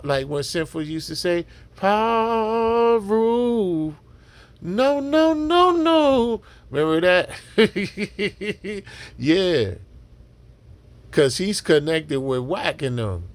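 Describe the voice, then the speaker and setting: A man giving casual reaction commentary on a podcast clip, ranting and mocking in street slang. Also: medium pitch. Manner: ranting, mocking, repetitive slang-heavy rant.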